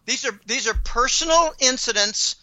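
A man's voice: very high-pitched, normal speed, bright, forceful tone, dry recording, muffled recording. A man telling stories in an indignant, rambling monologue, often stumbling and repeating words. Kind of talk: casual ranting monologue.

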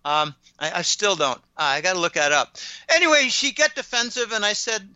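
A man's voice: high-pitched, brisk, sharp tone, clear, resonant tone, no echo, highs cut off. A man telling stories in an indignant, rambling monologue, often stumbling and repeating words. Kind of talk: casual ranting monologue.

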